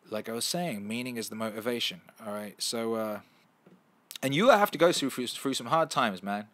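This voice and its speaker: Brief: male streamer, mid-pitch, swears a lot, animated, restarts often. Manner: profane, animated, with frequent restarts and fillers. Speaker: livestream host answering viewer questions. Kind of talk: casual livestream chat.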